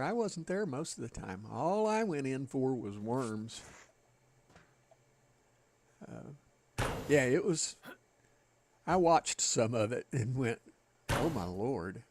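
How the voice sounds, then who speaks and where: A man's voice: medium pitch, vocal fry, darkish tone, slight background noise. A man with a Southern American accent, rambling folksily to his live chat while playing a game. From Southern United States. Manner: folksy, rambling, chatting with viewers. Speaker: game streamer.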